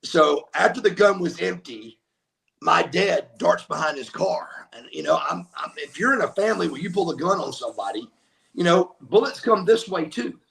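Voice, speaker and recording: A man's voice: high-pitched, big pitch swings, moderate pace, gravelly, fairly bright tone. An older man, telling stories as an interview guest, emphatic and acting out what people said. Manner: emphatic, acts out quotes. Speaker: guest, former wrestler. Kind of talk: animated storytelling.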